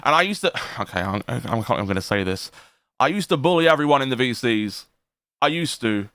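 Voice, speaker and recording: A man's voice: medium pitch, expressive, brisk, fairly bright tone, smooth, dry recording, studio quality. A man streaming, reacting to a clip in casual chat, laughing often and swearing freely. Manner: laughing often, profane, rambling.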